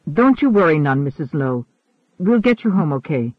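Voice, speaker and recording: A man's voice: on the high side, very animated, normal speed, dry recording. A man voicing a friendly, protective male security volunteer with a folksy, reassuring way of talking. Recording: narrow phone-like sound.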